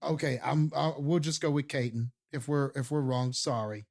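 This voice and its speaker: A man's voice: mid-range voice, steady tone, moderate pace, gravelly, a little mellow. A man co-hosting a casual movie review podcast, enthusiastic and rambling, with many fillers and restarts. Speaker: podcast co-host.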